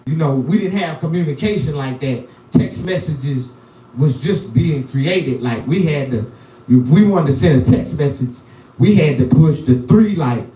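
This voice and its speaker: A middle-aged man doing stand-up comedy, telling profane, rambling stories about his life. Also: on the high side. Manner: profane, animated, repetitive storytelling. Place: live comedy venue. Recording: echoey room, from far off.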